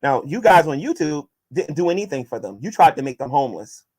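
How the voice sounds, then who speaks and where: Combative man with a lively voice. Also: a little high, a little fast. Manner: combative, addressing critics directly, many restarts. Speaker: YouTuber answering viewer questions. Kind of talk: casual vlog monologue.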